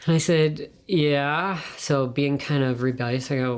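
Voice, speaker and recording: A woman giving a personal faith testimony in a soft, earnest way, sometimes dropping to a hushed whisper. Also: extremely low pitch, steady tone, a little slow, hardly any pauses, smooth. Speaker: guest sharing a testimony.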